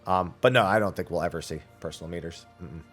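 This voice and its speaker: A man streaming a casual Q&A, reading viewer questions aloud and answering them bluntly, his voice slightly raspy. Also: deep voice, fast talker, a bit bright, faint music behind. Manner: reads chat questions aloud, then answers bluntly and at length. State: slightly raspy after eating. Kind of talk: casual livestream Q&A.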